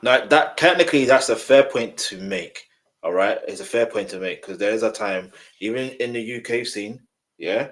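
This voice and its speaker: Male streamer, lowish voice, chatty, bursts into loud protest. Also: moderate pace. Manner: animated, with sudden loud outbursts. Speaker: live-stream reaction host. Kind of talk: casual live-stream reaction talk.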